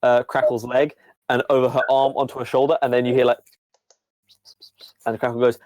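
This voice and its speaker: A man narrates a tabletop role-playing game, rambling through scenes with plenty of ums and uhs. His pitch is middling, and the recording is dry and close. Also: little pitch movement, a little fast, darkish tone, no room sound. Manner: rambling, full of fillers. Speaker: game master.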